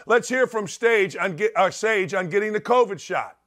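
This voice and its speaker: A middle-aged man rails through a sports talk monologue. His voice sits high for a man, and he hammers his points with rhetorical questions. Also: animated, moderate pace, a bit bright. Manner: emphatic, punchy delivery with rhetorical questions. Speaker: talk show host.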